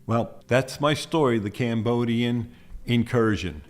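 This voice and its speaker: A man's voice: mid-range voice, unhurried. A man in his seventies from the United States, a Vietnam veteran telling his war stories in a plainspoken, casual way. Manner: plainspoken, animated when recounting confrontations. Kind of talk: casual first-person storytelling.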